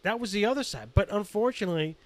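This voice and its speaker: A man's voice: high-pitched, lively intonation, quick pace, dry recording. A man co-hosting a casual podcast, talking in an enthusiastic, emphatic way. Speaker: podcast co-host.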